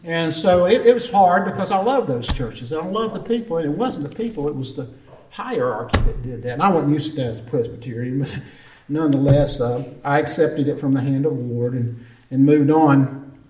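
A man's voice: on the high side, animated, a little fast, dark tone, a little hiss or hum. A man preaching a sermon as pastor, earnest and storytelling, calling for responses from the congregation. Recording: roomy echo, distant mic.

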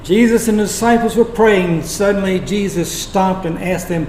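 A man preaching a sermon, retelling scripture as dramatic storytelling with long pauses. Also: high voice, noisy background. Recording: echoey room.

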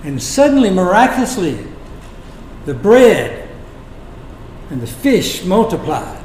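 A man preaching a sermon, retelling scripture as dramatic storytelling with long pauses. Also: high voice, big pitch swings, a little mellow, a little hiss or hum. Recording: echoey room.

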